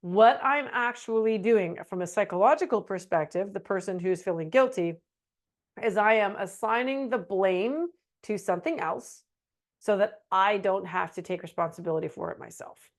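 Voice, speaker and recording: A middle-aged woman presenting a webinar in a casual, animated teaching style, slipping into meek voices for examples. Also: mid-range voice, normal speed. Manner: animated, acts out quoted phrases in a meek voice.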